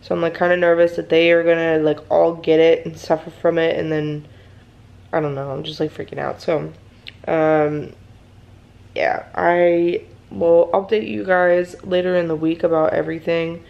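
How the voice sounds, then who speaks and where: Young woman, mommy vlogger, gravelly morning voice, anxious rambling chat, dull lo-fi sound. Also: sits low, flat delivery, moderate pace. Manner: anxious, rambling with many fillers. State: groggy morning voice. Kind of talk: casual vlog chat. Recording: dull lo-fi home recording.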